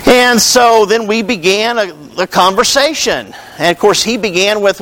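A man's voice: high-pitched, lively intonation, measured pace, a bit bright, low-quality recording. A man preaching a sermon in a conversational, storytelling way, calling out to his congregation. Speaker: pastor.

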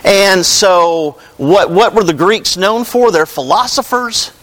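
A man's voice: high voice, takes it slowly, a bit bright, rough recording. A man preaching a sermon in a conversational, storytelling way, calling out to his congregation. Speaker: pastor.

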